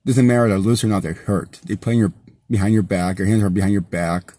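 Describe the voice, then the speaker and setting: A man's voice: fairly low pitch, fairly even intonation, fast talker, warm tone, no echo, studio quality. A man telling a personal story in a casual vlog, rambling with many fillers and restarts, often breaking into angry, profane rants. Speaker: vlogger.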